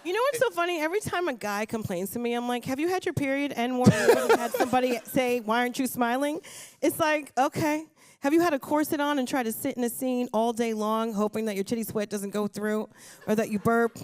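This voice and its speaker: A woman's voice: fairly high pitch, quick pace. A woman comedian and show creator on a stage panel, speaking bluntly with profanity and acting out her stories. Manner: blunt, profane, animated storytelling. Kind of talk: casual panel conversation. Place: auditorium stage.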